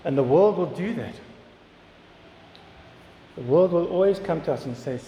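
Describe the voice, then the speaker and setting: A man's voice: on the high side, lively intonation, normal speed, pauses often, warm tone, slight background noise. A man preaching a sermon in an earnest way, often repeating words and asking questions. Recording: echoey hall with long reverb, faint ambience.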